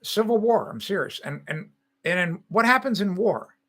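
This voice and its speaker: An older man with a high, bright voice hosts a casual live stream. He talks in a chatty, rambling way, full of opinions and restarts. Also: expressive, moderate pace. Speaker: host.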